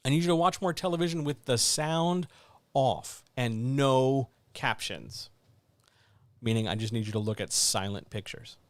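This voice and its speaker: A man's voice: medium pitch, no room sound. A man hosting a casual writing chat, teaching with blunt, wry emphasis and lots of repetition. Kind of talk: casual instructional talk.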